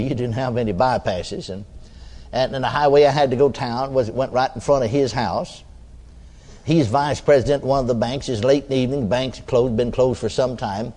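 A man's voice: mid-range voice, darkish tone. A man preaching a storytelling sermon in a folksy, chatty way, with chuckling asides and frequent "you see" tags. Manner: many restarts and filler tags like "you see".

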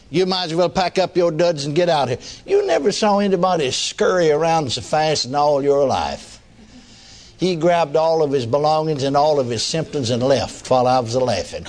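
A man's voice: fairly high pitch, expressive, moderate pace, a little mellow. A man preaching a sermon testimony in a folksy storytelling way, often chuckling.

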